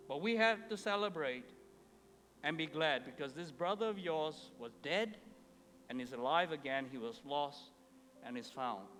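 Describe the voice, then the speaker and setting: A man delivers a sermon in a high, bright-pitched voice, telling the story emphatically and acting out each quoted speaker. The sound rings with a long hall reverb, and a faint murmur of room ambience sits underneath. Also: a little hiss or hum. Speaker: preacher. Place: church hall.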